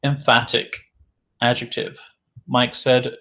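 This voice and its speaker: A man teaching English vocabulary in a recorded lesson. He repeats each word several times, slowly and clearly, and answers his own questions. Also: medium pitch, steady tone, fairly bright tone. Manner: asks questions and answers them himself.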